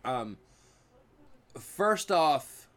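A man's voice: fairly high pitch, very animated, extremely slow, a bit bright. A man in his thirties co-hosting a casual chat, blunt and opinionated, swearing freely. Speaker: podcast co-host.

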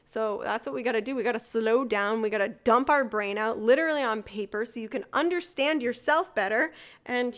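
A woman's voice: fairly high pitch, fairly bright tone. A woman hosting a motivational solo podcast, talking casually, laughing easily and swearing now and then. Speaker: podcast host.

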